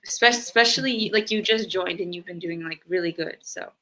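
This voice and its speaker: A woman's voice: fairly low pitch, normal speed, bright, forceful tone, rough recording. A young woman filling in as co-host, enthusiastic and a little hesitant. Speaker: stand-in co-host. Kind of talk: casual chat.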